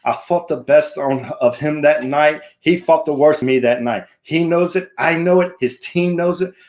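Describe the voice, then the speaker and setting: A man's voice: a little high, moderate pace, darkish tone, voice pushed up, lightly acted. A man putting on an Irish accent to play a cocky adult fighter, speaking in a confident, matter-of-fact boast. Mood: boastful. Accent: put-on Irish.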